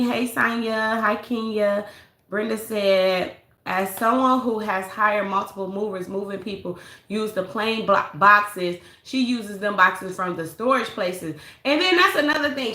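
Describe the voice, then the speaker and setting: A woman's voice: mid-range voice, pushed and bright, reverberant. A woman hosting a casual live-stream gossip commentary, blunt and sassy, greeting viewers by name. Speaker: livestream commentary host.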